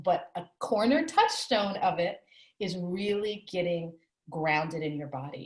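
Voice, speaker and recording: With a darkish tone sitting on the low side, a woman author opens up in a candid conversational interview. Reflective and earnest, she recounts a personal story, and the room echoes around her.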